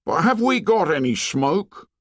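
A man voicing an anxious, short-sighted boy who pleads in a high, strained voice. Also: sing-song, a little slow, no echo, studio quality. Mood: fretful.

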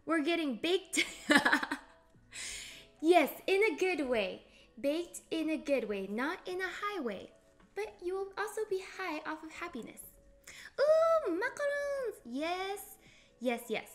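A woman's voice: very high-pitched, lively intonation, measured pace, a bit bright, faint music behind. A young woman streamer chatting casually on a live cooking stream, bubbly and giggly as she greets chatters by name.

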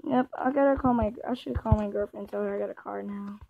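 A woman's voice: medium pitch, fast talker, vocal fry, husky, no room sound. A woman voicing a rambling man who buys a car. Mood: chatty. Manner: rambling, talks to himself, repeats words. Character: easygoing male car buyer with a wife. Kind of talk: game role-play narration. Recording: muffled and noisy, with background clicks.

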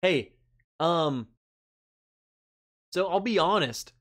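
A man's voice: on the high side, lively intonation, drawn-out words, a bit bright. A man hosting a casual livestream, reading out chat comments, laughing often and sounding stressed. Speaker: livestream host. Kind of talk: casual live-stream chat.

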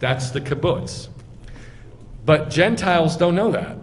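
A rabbi teaches slowly in a high-leaning voice with lively intonation, explaining step by step. He quizzes those listening, and the sound is echoey, with faint noise in the hall.

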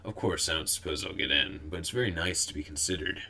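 A man voicing a smug, gossiping young female squirrel with a squeaky, prim voice. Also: fast talker, gravelly, bright, forceful tone, full character voice.

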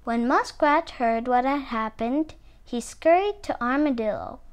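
A woman reading a picture book aloud to children, with expressive, animated storytelling. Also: high-pitched, unhurried, smooth.

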